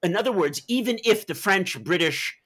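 A man being interviewed about his book, with a high-ish voice and a bright, forceful edge. He talks in a lively, swooping way and keeps wandering into anecdotes as he explains. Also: normal speed, breathy edge. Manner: animated, anecdotal, digressive. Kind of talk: explaining and telling stories in an interview.

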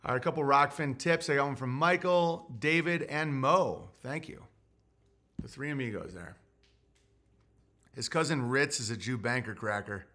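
A man's voice: mid-range voice, normal speed, sharp tone. A man hosting a solo livestream, reading super chats in a grumpy, sarcastic ranting way.

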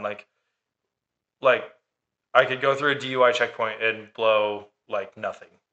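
A man's voice: mid-range voice, steady tone, unhurried, bright, forceful tone, highs cut off. A man telling a dating story in casual chat, sarcastic and swearing freely. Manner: sarcastic, profane.

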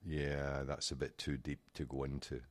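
A man's voice: rumbling low, moderate pace, no echo. A man co-hosting a podcast, telling a story in a casual chat and acting out the other people's voices. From United Kingdom. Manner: animated, acts out quoted voices. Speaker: podcast co-host. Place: small room at a desk.

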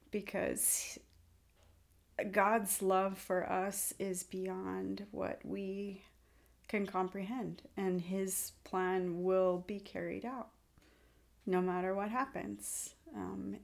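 A woman's voice: medium pitch, vocal fry. Earnest woman telling a rambling story. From California. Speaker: podcast guest. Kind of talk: faith podcast conversation.

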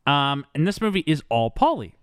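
Lively-voiced young man on a podcast. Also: fairly high pitch, smooth, no room sound, clean studio sound. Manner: chatty, quick asides, laughs often. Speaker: podcast co-host. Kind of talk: casual movie podcast chat.

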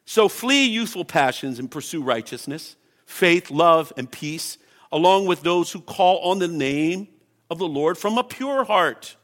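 Male pastor, passionate sermon delivery, bright tense tone, a bit higher than most men. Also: expressive, a little slow. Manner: impassioned, emphatic preaching.

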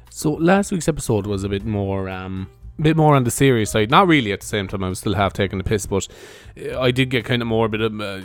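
A young man with an Irish accent hosting his own podcast in a casual, rambling monologue, swearing and laughing at his own jokes. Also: on the low side. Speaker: podcast host.

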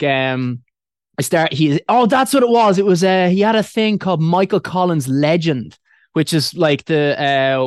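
A man's voice: medium pitch, clear, resonant tone, dry recording, studio quality. A man with an Irish accent in casual chat, rambling with many fillers and restarts and swearing freely.

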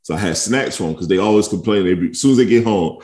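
A man in his thirties co-hosting a podcast in relaxed casual chat, laughing often and telling stories about his kids. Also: on the low side, fast talker. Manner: laid-back, laughs often, tells stories with kid voices. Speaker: podcast co-host.

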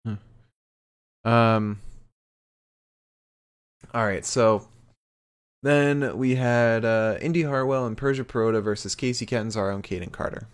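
A man's voice: mid-range voice, measured pace, long pauses, smooth. A man hosting a podcast, casually recapping a show with loose, rambling speech. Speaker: podcast host recapping wrestling. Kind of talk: casual chat.

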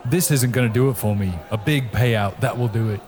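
A man's voice: medium pitch, a little fast, darkish tone, some chatter behind. A man in a tabletop role-playing game, playing his orc character in a bumbling, rambling way. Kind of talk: casual tabletop role-play.

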